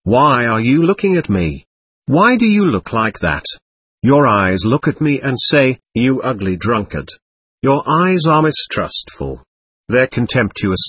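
A man's voice: mid-range voice, big pitch swings, unhurried, fairly bright tone, breathy edge, exaggerated voice. A man reading the part of a drunken, lecherous old man who rambles and needles his sons. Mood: quarrelsome. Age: older.

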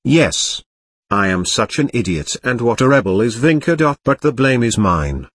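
Un homme lit un récit à la première personne, d'un ton simple et régulier. Sa voix est légèrement voilée, un peu rauque. La prise de son est sèche et proche, sans écho. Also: male voice, mid-range voice, very animated, measured pace, fairly bright tone, no echo, studio quality. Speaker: narrator. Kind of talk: first-person storybook reading.

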